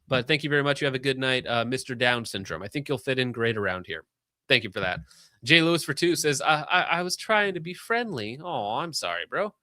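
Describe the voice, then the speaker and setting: A man hosting a casual livestream, reading donations with sarcastic jokes and quick asides. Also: mid-range voice, lively intonation, sharp tone, no room sound, studio quality.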